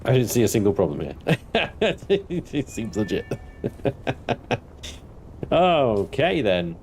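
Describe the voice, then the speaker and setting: A man's voice: medium pitch, sing-song, slow pace, a little mellow, a little hiss or hum. A man live-streaming a game, chatting in a rambling, giggly way. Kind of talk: live gameplay commentary.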